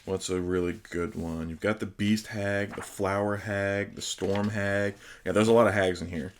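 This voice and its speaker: Host with a very low voice doing a casual unboxing review, chatty and enthusiastic. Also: male voice, fairly even intonation, moderate pace, slight background noise. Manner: enthusiastic, chatty, with hesitant pronunciations. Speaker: host reviewing tabletop game books.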